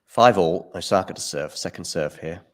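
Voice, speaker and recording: A man hosting a live tennis watchalong, giving relaxed play-by-play with opinions. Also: sits low, normal speed. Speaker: watchalong host. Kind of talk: live match commentary.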